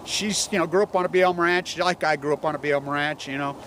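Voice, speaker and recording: A man's voice: fairly high pitch, fairly even intonation, fast talker, fairly bright tone. A man rambling outdoors about the environment, profane and agitated. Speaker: environmental activist. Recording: noisy outdoor recording with vehicle noise.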